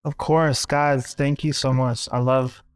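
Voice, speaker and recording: Earnest man with a flat, smooth voice. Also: mid-range voice, measured pace, dry recording, clean studio sound. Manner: earnest, grateful. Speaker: podcast guest. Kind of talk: casual conversational interview.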